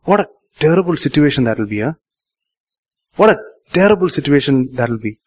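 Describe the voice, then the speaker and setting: A male pastor preaches a sermon, putting questions to the congregation and repeating key lines for emphasis. His voice is fairly high, very animated and brisk, captured in a muffled live recording.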